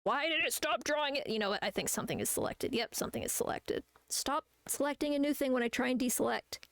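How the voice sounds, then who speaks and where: Gravelly young woman chatting while she draws. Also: sits high, quick pace, fairly bright tone, no room sound. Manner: rambling, laughs often, swears casually. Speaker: streamer and artist. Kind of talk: casual chat while drawing on stream.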